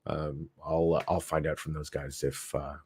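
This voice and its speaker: On a casual livestream, a weary show host rambles, stumbling through fillers and restarts while reading out viewer comments and answering them. He speaks at normal speed in a bass voice with little pitch movement, a darkish tone, and a breathy edge.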